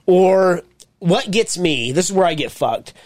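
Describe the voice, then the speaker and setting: A man's voice: high-pitched, expressive, measured pace, dry recording. A man co-hosting a podcast in a casual chat, wry and swearing often as he gripes. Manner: wry, swearing, laughs at stories. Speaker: podcast co-host.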